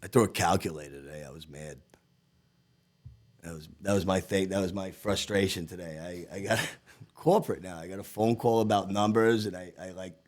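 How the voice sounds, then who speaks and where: A man from Staten Island, a chef and podcast co-host, telling kitchen stories in a profane, laughing, animated way. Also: sits low, fairly quick. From Staten Island, New York. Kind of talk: casual podcast chat.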